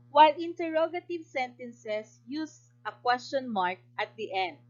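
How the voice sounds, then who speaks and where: Filipino English woman teacher, unhurried and slightly high, muffled lo-fi sound. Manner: slow, clear and instructive, with praise for answers. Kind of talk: recorded module lesson.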